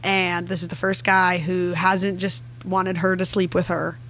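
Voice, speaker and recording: A young woman co-hosting a book club podcast, talking about the story in a gushing, emotional, animated way. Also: on the low side, unhurried, a little hiss or hum. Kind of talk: casual book chat.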